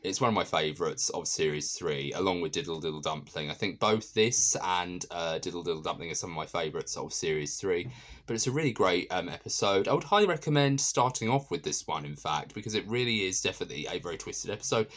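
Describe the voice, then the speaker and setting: A man's voice: low voice, animated, quick pace, a bit bright. A man casually reviewing a TV episode, enthusiastic and rambling, with many ums and restarts.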